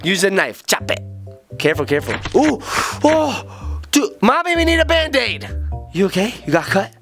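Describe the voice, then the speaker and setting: A middle-aged man hosting a kids' game video, joking excitedly and playfully as he plays alongside his child. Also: high-pitched, normal speed, faint music behind. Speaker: gaming channel host.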